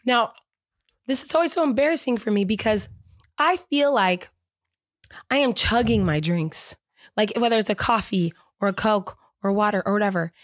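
A woman's voice: medium pitch, normal speed, dry recording, clean studio sound. A woman co-hosting a podcast, telling rambling stories in casual chat. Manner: chatty, storytelling, rambling asides. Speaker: podcast co-host.

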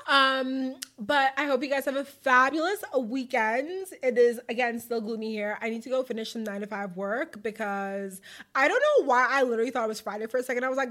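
A woman's voice: a little high, a little fast, fairly bright tone. A young woman hosting a casual solo podcast, chatty and playful with lots of slang. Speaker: podcast host.

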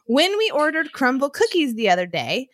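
High-voiced woman co-host, upbeat chat. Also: sing-song, dry recording. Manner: quick agreeable backchannels, upbeat. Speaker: podcast co-host. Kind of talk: casual chat.

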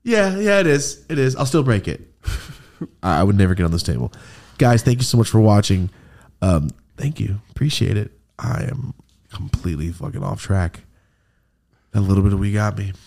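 A man's voice: lowish voice, animated, moderate pace, a little mellow. A young adult man co-hosting a podcast, rambling and joking in casual chat, swearing freely. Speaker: podcast co-host.

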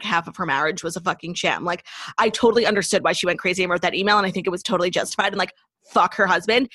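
Fast-talking gushing young woman co-host. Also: medium pitch, bright, forceful tone, no room sound, studio quality. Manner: gushing, profane, fast recaps of reality TV. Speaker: podcast co-host. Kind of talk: casual chat.

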